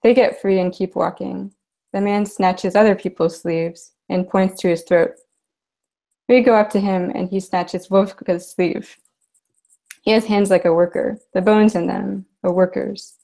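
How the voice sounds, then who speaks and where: A woman translator reading her translated fiction aloud in an even, measured way. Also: medium pitch, gravelly. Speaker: literary translator. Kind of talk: literary reading.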